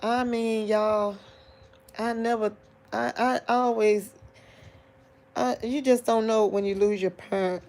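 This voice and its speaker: A woman's voice: a little high, steady tone, a little mellow. A grieving adult woman, speaking to her online viewers in a tearful, rambling live-stream monologue, sighing, her voice breaking into crying. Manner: rambling, halting restarts, addresses audience as y'all. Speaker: vlogger talking to online viewers.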